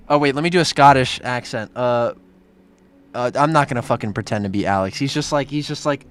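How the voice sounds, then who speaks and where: A young man streaming as he reviews fan art, chatting casually and breaking into loud, profane rants. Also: medium pitch, brisk, clear, resonant tone. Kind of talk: live-stream commentary.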